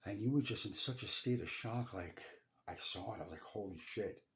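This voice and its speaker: Guy with a lowish voice, swearing a lot, telling his dad a heavy story, stops and repeats words. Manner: intense, profane, halting with repeats. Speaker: son telling a personal story. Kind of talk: emotional first-person address.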